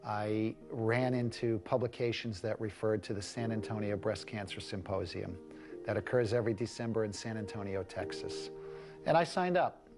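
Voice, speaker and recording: A man's voice: lowish voice, normal speed. A man telling the story of his wife's cancer in an earnest, emphatic interview testimonial. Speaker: husband of a cancer patient. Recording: music bed under the voice.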